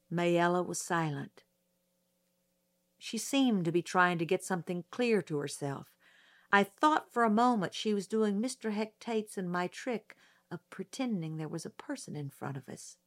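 A woman narrating a novel as an audiobook in a slow, deliberate reading. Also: lowish voice, lively intonation, fairly bright tone.

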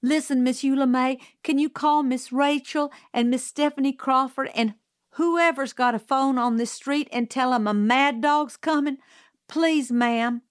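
A woman reading aloud who voices a brisk, no-nonsense housekeeper in a storybook, firm and loud. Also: sits high, no room sound, clean studio sound, pitched above the performer's own voice. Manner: firm, scolding, calls out loudly.

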